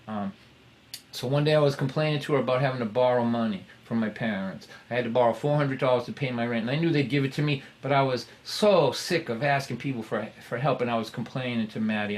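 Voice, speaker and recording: A man telling a personal story in a conversational, halting way, with self-deprecating humor. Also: medium pitch.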